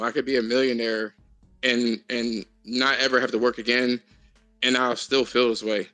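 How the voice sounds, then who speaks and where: A man's voice: mid-range voice, fairly bright tone, dry recording. A man hosting a casual group voice chat, talking frankly and with a lot of profanity. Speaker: host of an online voice chat.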